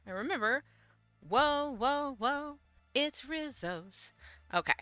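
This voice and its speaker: A woman's voice: high voice, expressive, slow pace, pushed and bright, no echo. A woman streamer giving casual commentary on her gameplay, chatting to her cats and reading the game's text aloud. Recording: slightly dull home stream mic with faint game music.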